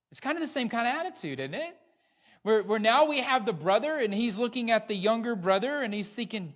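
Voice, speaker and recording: A man's voice: very high-pitched, sing-song, a little fast, fairly bright tone. A man preaching a sermon as pastor, earnest and pressing his listeners with rhetorical questions. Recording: dull lo-fi recording.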